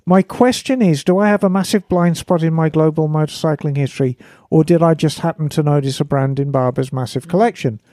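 A woman's voice: low-pitched, a little fast, warm tone, no echo, clean studio sound. A woman co-hosting a casual podcast chat, wry and chatty as she reads out listener letters. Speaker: podcast co-host.

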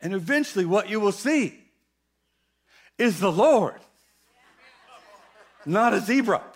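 A man preaching a sermon in a church, animated and playful, with emphatic, sudden loud bursts. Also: high voice, slow. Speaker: guest preacher.

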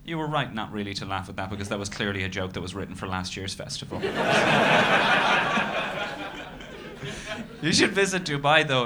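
A man in his thirties with an Irish accent, doing a stand-up comedy set in a dry, self-deprecating way with bursts of loud ranting. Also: medium pitch. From Ireland. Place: comedy club stage. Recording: noisy live club recording.

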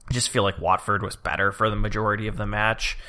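Guy cohosting a chatty podcast, bright forceful voice, kinda low, rambles on eagerly. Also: flat delivery, quick pace. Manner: rambling, eager, talks through his reasoning. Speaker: podcast co-host. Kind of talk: casual podcast chat.

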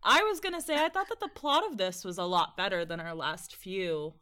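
A woman's voice: fairly low pitch, animated, fairly quick, pushed and bright, clean tone. A woman co-hosting a podcast in casual chat, self-mocking and laughing mid-sentence. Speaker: podcast co-host.

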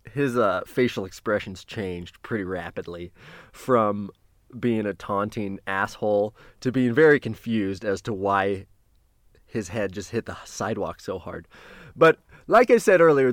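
A man recounts a story in a loose, casual way, cursing freely and tripping over his own restarts. He speaks at an everyday middle pitch and now and then jumps to a louder burst. The recording is dry, with no room sound. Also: dry recording. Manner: profane, halting, with restarts and sudden loud bursts.

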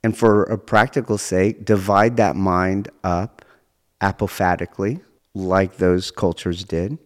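A man hosting his own podcast as a martial arts teacher, speaking in a deliberate, academic way and often rephrasing himself as he goes. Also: sits low, steady tone, in a large hall. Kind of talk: measured monologue.

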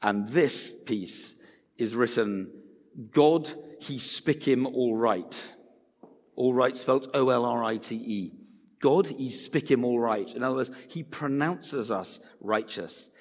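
Man, sermon, conversational preaching, long hall reverb, mid-pitched voice. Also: measured pace. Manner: conversational, acts out quoted voices.

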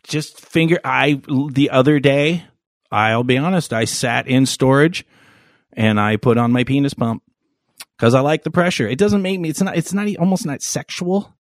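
A man's voice: mid-range voice, moderate pace, dry recording, studio quality. A man hosting a podcast in casual chat, crude, rambling and joking. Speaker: podcast host.

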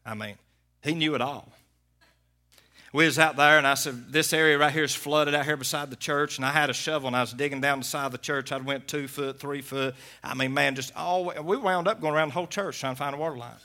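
A man, a pastor preaching a sermon and telling a story in a folksy way, swinging from loud preaching to hushed talk. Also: a little high, fairly even intonation, a little fast.

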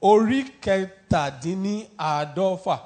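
A man's voice: high voice, unhurried, a little mellow, soft background music. A man interpreting a sermon live in a church, echoing each phrase right after the preacher.

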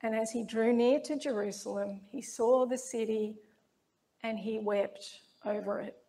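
A woman delivers a sermon at an unhurried, deliberate pace, letting each line of scripture settle. Her fairly high voice carries a gravelly edge, and she sounds measured and reflective. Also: steady tone, warm tone. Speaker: preacher.

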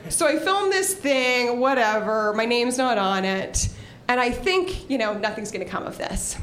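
A woman's voice: on the high side, moderate pace. A young woman telling a funny story on a live stage, laughing and acting out her own screams as she goes. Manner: animated, laughing, acts out screams. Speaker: storyteller guest. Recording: roomy live venue with crowd. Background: audience.

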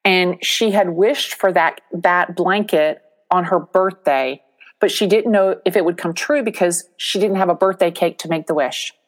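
Middle-aged female agent, expressive storyteller, slightly low voice. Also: moderate pace. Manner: animated storyteller, acts out quoted voices. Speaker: real estate agent, guest. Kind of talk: interview storytelling.

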